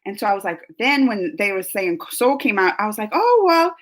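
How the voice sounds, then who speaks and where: A woman's voice: mid-range voice, big pitch swings, fairly quick, low-quality recording. A woman hosting a casual live chat with viewers, rambling and laughing as she answers their comments. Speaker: live-stream host.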